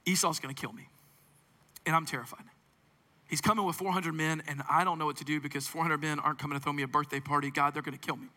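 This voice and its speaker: A man's voice: fairly high pitch, steady tone, quick pace, pushed and bright, pitched below the performer's own voice. A man doing a terrified man begging God. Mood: pleading. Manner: desperate, pleading, bargaining. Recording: long reverb in a large hall.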